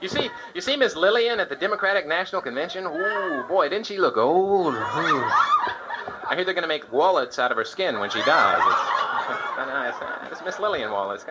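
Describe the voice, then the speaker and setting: A man's voice: fairly high pitch, wildly swooping pitch, normal speed, lo-fi sound. A man doing a live stand-up set, firing off topical political one-liners and slipping into short sung bits. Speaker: stand-up comedian. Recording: old live club tape with loud hiss. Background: audience laughter.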